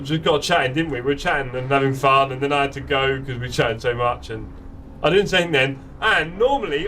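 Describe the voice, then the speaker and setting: A man's voice: medium pitch, fairly bright tone, recorded from a distance, slight background noise. A man chatting playfully with friends while live-streaming a sim racing game. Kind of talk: live gameplay chat. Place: home sim racing setup.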